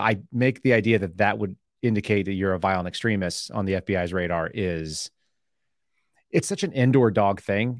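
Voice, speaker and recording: A man speaking as a podcast guest, an animated storyteller who acts out quoted exchanges in casual conversation. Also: lowish voice, no room sound, studio quality. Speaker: podcast guest, former FBI agent.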